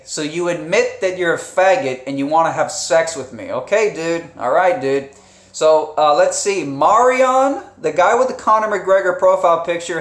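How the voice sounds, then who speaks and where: A man hosting a casual live stream, talking loosely with restarts, chuckles and swearing. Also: on the high side. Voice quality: rambling, with frequent restarts and profanity. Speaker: live streamer and channel host. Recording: roomy echo.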